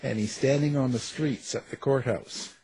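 Very husky, jokey male radio host. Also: mid-range voice, normal speed, dark tone. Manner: jokey, laughs often, loose and rambling. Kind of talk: casual radio interview.

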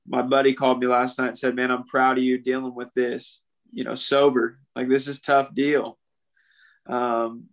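With a medium-pitched, slightly bright voice, a young podcast guest opens up about something that hurts. His interview talk is candid, earnest and emotional, and he keeps saying "man."

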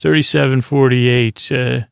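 Gravelly, flat-voiced man rambling a sleep story. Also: medium pitch, no echo. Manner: halting, meandering, full of filler pauses. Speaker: podcast host.

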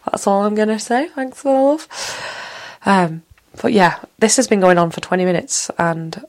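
A woman's voice: on the low side, vocal fry. A woman in her thirties from Manchester with a Mancunian accent, hosting a casual solo podcast in a frank, rambling way that drifts from story to story. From Manchester, England. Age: 30s. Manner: outspoken, frank and swears casually. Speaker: podcast host.

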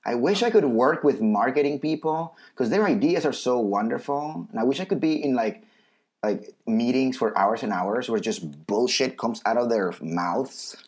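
A man in relaxed podcast chat, his voice rising and falling widely as he talks. He leans into dry sarcasm and jokes. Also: medium pitch, moderate pace. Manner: sarcastic, joking. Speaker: podcast co-host. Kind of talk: casual chat.

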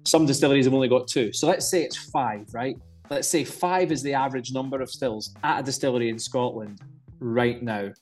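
A man's voice: medium pitch, fairly quick, soft background music. A man co-hosting a podcast, chatting casually in a jokey, rambling way. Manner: jokey, rambling, self-deprecating. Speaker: podcast co-host.

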